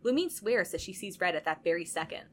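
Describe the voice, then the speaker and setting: Podcast co-host, young woman, expressive narrator, wide pitch swings on dialogue. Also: fast talker. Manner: animated narration with sudden loud dialogue bursts. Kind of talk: casual reading of fan fiction.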